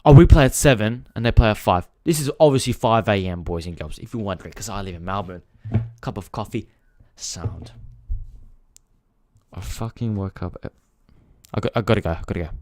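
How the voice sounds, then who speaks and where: This man hosts a casual football live stream in a voice on the low side, a little mellow, moving at a brisk pace. He rants with frustration, swears freely, and talks straight to his viewers. The audio has no echo.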